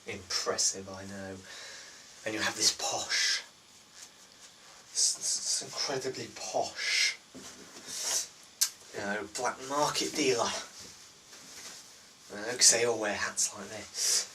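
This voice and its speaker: A teenage boy telling a rambling comic story, stumbling and restarting, with deadpan asides. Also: lowish voice, slow pace, pauses often, recorded from a distance, a little hiss or hum, low-quality recording. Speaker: comedy vlogger.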